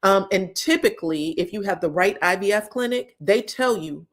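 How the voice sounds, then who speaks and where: A woman in casual chat, recapping reality-show scenes for viewers with animated, emotional delivery and free swearing. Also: medium pitch, normal speed. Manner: retells scenes in others' voices.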